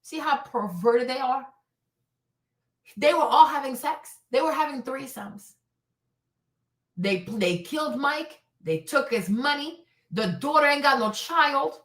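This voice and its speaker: Fiery high-voiced woman host ranting profanely in an echoey room. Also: expressive, a little slow, a bit bright. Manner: heated, blunt and profane, repeating lines for emphasis. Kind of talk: casual commentary.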